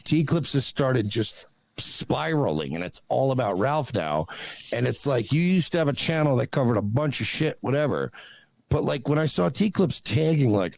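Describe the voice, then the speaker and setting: Rambling animated male caller. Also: a little high, vocal fry, no echo. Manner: rambling, animated, does quick mocking voices. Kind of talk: casual chat on a livestream call.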